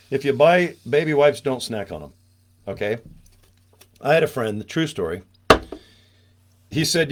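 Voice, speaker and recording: A man hosts a live webinar from a small studio room. He talks in a loose, joking way, wandering from one tangent to the next, and his voice sits at an ordinary middle pitch. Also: animated, measured pace, darkish tone. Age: 50s. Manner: joking, rambling, tangent-prone. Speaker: webinar host. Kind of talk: rambling live webinar chat.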